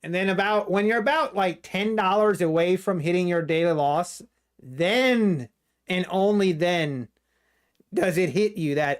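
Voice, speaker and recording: A man's voice: sits high, slow pace, smooth. A man hosting a live day trading stream, chatting with viewers, laughing a lot and joking in mock panic about market drops. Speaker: day trading livestream host.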